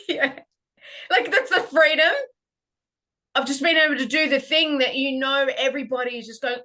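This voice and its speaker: An Australian woman plays out an improv comedy scene. Her voice is high, and she talks with giggly, halting restarts that keep the tone light and playful. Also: pushed and bright.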